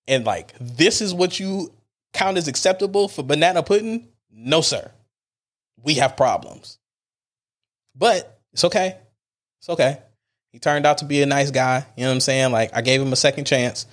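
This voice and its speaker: A male podcast host talking straight to his listeners in a loose, casual monologue. He is animated and emphatic, full of slang and asides. His voice sits at an ordinary pitch for a man.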